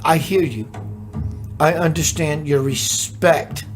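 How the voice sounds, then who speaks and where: A spiritual teacher hosting a live stream, speaking slowly and musingly with many rhetorical questions, and reading out viewers' chat comments. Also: medium pitch, faint music behind.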